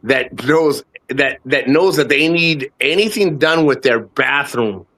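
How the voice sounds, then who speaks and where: A man's voice: mid-range voice, animated, takes it slowly, fairly bright tone. A man in his fifties from the United States, a guest on a casual live chat, talks in a rambling, profane way and often repeats himself. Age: 50s.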